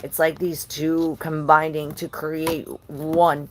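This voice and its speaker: A woman's voice: sits low, level tone, slow, slight background noise. A woman giving a live-streamed tarot reading, rambling and chatting with viewers between cards. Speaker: tarot reader.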